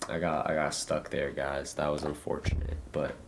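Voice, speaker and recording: A young American man streaming a game, talking in a loose, halting, rambling way full of fillers and restarts. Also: very deep voice, monotone, vocal fry, a little hiss or hum. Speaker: livestreamer. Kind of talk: casual rambling gameplay chat.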